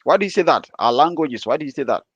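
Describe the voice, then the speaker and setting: A man's voice: fairly high pitch, lively intonation, quick pace, slightly rough, no echo, dull audio. A man hosting an interview on a video call, asking short questions and prompting his guest. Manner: brief prompts and questions, lots of murmured agreement. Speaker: host.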